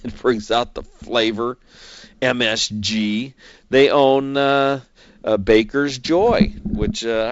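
A man's voice: mid-range voice, no room sound, dull audio. A man giving casual, folksy commentary on stocks and dividends, chatty and joking as he goes. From California, United States.

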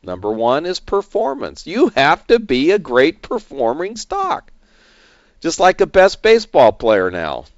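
A man's voice: fairly high pitch, huge pitch swings, unhurried, no echo, dull audio. A middle-aged man hosting an investment show, talking in a rambling, chatty way with fillers and chuckles. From San Diego area. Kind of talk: casual market commentary.

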